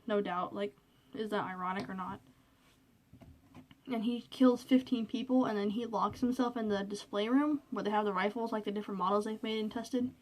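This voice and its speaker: A woman's voice: mid-range voice, a little mellow. A woman vlogging alone in her bedroom into a cell phone, chatty and rambling with lots of fillers, a little nervous. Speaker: vlogger reviewing a movie. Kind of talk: casual chat.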